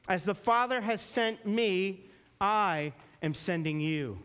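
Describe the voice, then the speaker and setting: A man preaching a sermon as a pastor, earnest and storytelling, slowing down and dropping low for emphasis. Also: fairly bright tone, smooth.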